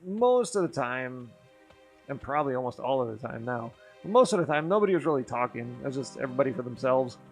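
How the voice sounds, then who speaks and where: Soft music plays as a medium-pitched man talks fast on stream, a few drinks in and tipsy. He spins a rambling, profane story in casual chat, growing animated once he gets worked up.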